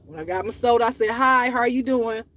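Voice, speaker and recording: A woman's voice: on the high side, fast, a bit bright. A woman hosting her own channel, talking unscripted to her viewers in a blunt, profane, emotional way, her voice rising and dropping as she speaks. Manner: raw and confessional, voice rising and dropping. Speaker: channel host. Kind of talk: unscripted personal monologue to viewers.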